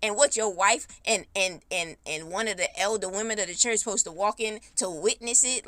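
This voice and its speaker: A woman's voice: medium pitch, normal speed, hardly any pauses, bright, forceful tone. A woman telling her own story on a podcast in a blunt, heated, profane way, rising to indignant outbursts. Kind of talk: casual storytelling.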